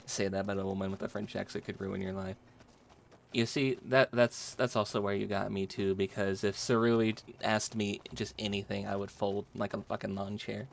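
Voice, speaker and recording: A man's voice: lowish voice, level tone, normal speed, creaky, a little hiss or hum. A man streaming a game, chatting and joking casually with his chat and laughing often.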